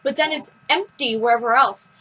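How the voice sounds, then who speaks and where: A woman's voice: high-pitched, moderate pace, a bit bright, breathy edge, rough recording. A teenage girl chatting casually on a vlog, telling rambling stories in a blunt way. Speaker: vlog co-host. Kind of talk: casual chat.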